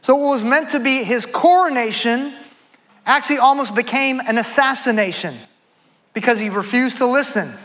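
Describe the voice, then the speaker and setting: High, bright-voiced male preacher. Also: moderate pace, rough recording. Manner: conversational, retells scripture in casual speech. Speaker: pastor. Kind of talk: sermon.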